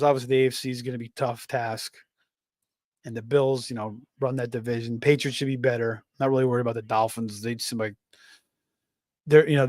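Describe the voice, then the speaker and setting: A man's voice: medium pitch, no room sound, clean studio sound. A man hosting a live fantasy football stream, talking casually with many fillers and restarts while reading out chat messages. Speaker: fantasy football livestream host.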